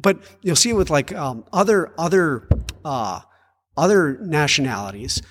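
A man who is a Catholic priest and podcast co-host, talking in a chatty, animated way with frequent stammered restarts. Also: a little high, moderate pace, slightly rough. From United States. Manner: chatty, animated, prone to playful put-on voices and stammered restarts. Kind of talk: casual podcast chat. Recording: room with long reverb.

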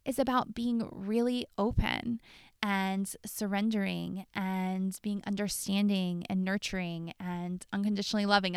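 A woman's voice: medium pitch, creaky, fairly bright tone, clear, resonant tone, no echo, studio quality. A young adult woman coach talking candidly on her podcast, open about her own mistakes, with many "like"s and "you know"s. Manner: candid, self-disclosing, lots of fillers like "like" and "you know". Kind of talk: reflective solo podcast talk.

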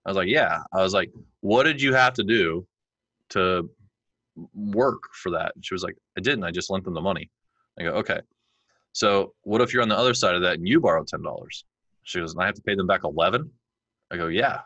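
A man in his forties, a podcast guest, chatting and telling animated stories where he acts out his kids' lines. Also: sits low, a little fast, dry recording, lo-fi sound. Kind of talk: conversational interview.

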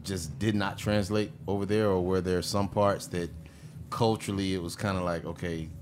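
A man hosting an interview, asking relaxed, curious questions. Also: deep voice, moderate pace, a little hiss or hum. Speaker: host.

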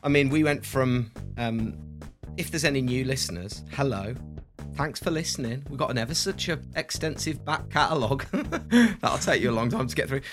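A man's voice: mid-range voice, lively intonation, moderate pace, music in the background. Guy on a podcast, jokey banter, voice going up and down a lot. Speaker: podcast co-host. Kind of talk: casual chat.

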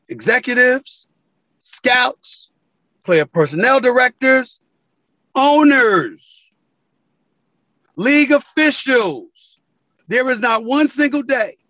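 A man's voice: pushed and bright, no room sound, muffled recording. A man, a sports TV commentator, talking in an interview and telling stories with emphasis, acting out quoted phone calls. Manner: emphatic, acts out quoted calls with big pitch swings. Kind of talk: animated interview storytelling.

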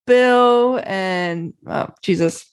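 A woman chatting casually on a podcast, laughing and thinking out loud as she talks. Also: medium pitch, very slow, clear, resonant tone. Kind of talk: casual chat.

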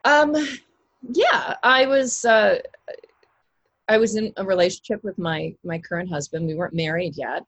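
A woman's voice: mid-range voice, a bit bright, no echo, lo-fi sound. A woman, an actress, talking casually in an interview, rambling with many fillers and restarts. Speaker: actress guest.

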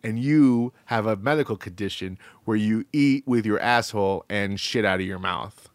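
Deadpan man podcast co-host. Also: lowish voice, normal speed, no echo. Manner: deadpan, interrupting with absurd asides. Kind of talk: casual chat.

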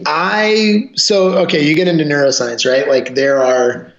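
Profane, animated man in a roomy room. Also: on the high side, a little slow, creaky. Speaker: martial arts instructor, guest. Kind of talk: casual podcast chat. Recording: roomy, dull lo-fi sound.

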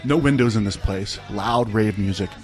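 A man's voice: on the low side, moderate pace, soft background music. A man telling a personal story in a casual, rambling way, full of "like" and "right?". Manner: rambling, laid-back, peppered with "like" and "right?".

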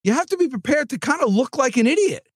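A man hosting a sales podcast, talking in an energetic, rambling, chatty way with asides to his producer. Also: extremely high pitch, quick pace, breathy edge, no room sound, studio quality. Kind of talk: casual motivational monologue. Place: studio.

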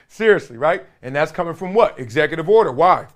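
Animated, upbeat male show host. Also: fairly high pitch, brisk, slight background noise. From Compton, Los Angeles. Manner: animated, joking, laughs often. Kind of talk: casual commentary monologue.

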